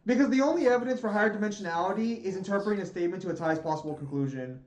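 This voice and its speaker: A man's voice: high voice, rapid-fire, echoey room, muffled recording. A man streaming a game, giving casual, profane and rambling commentary. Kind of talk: casual let's-play commentary.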